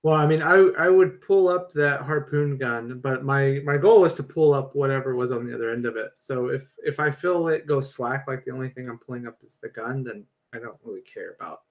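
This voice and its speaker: A man playing a tabletop game, thinking aloud in a halting way. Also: mid-range voice, muffled recording. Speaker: player.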